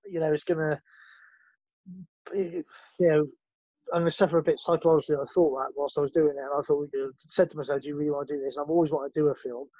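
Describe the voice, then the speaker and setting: Fast-talking West Country man. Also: fairly high pitch, flat delivery, dark tone, no room sound, highs cut off. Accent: West Country English. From West Country of England. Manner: rambling, repeats words and restarts, easygoing. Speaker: actor and former boxer, guest. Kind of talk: casual interview chat.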